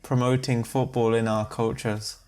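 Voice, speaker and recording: A man's voice: medium pitch, flat delivery, normal speed, darkish tone, clear, resonant tone. A young man hosting a podcast, putting questions to his friends in an easygoing tone with plenty of fillers. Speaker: podcast host. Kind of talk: casual chat.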